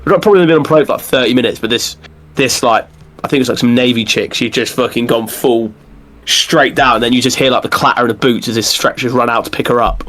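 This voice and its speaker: A man's voice: medium pitch, fairly bright tone. A man who is a podcast guest, telling stories in casual chat with many fillers and restarts. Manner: rapid, rambling storytelling with lots of fillers and restarts.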